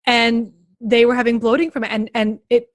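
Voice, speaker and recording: A woman with a South Central Pennsylvania accent hosting a casual podcast chat, animated and playful as she tells stories. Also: on the high side, normal speed, no room sound, studio quality. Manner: chatty, animated, playful storyteller. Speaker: podcast host.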